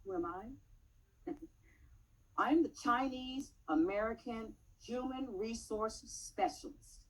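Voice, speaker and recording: A woman reciting a poem slowly and expressively. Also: a little high, expressive, low-quality recording. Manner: measured, with pointed pauses and rising emphasis. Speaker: speaker at a public meeting. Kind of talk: dramatic poetry recitation.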